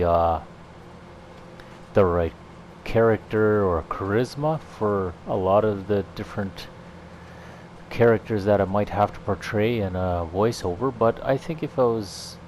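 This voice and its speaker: A man hosting his gaming channel, chatting in a relaxed, rambling way over his farming gameplay, thinking out loud as he goes. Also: fairly low pitch, a little hiss or hum. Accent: slips into a put-on Irish lilt. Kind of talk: casual gameplay commentary.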